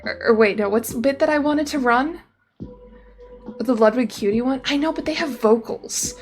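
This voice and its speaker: A woman's voice: sits high, moderate pace. A young woman chatting casually on a livestream, rambling and breaking off her own sentences as she talks. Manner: rambling, chatty, self-interrupting. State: slightly out of breath. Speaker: streamer. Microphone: desk microphone, no camera. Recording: faint music behind voice.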